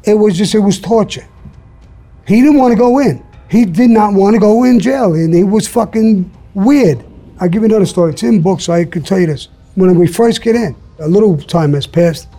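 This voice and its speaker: A man's voice: sits high, gravelly, dark tone, breathy edge. An older man, telling blunt, profane stories as an interview guest. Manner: blunt, profane, streetwise storytelling. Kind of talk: storytelling interview.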